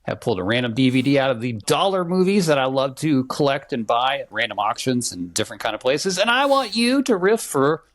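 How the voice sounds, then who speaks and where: A man's voice: mid-range voice, very animated, fairly quick, few pauses, a bit bright. A man co-hosting a movie podcast, talking casually and bluntly, with strong opinions. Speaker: podcast co-host.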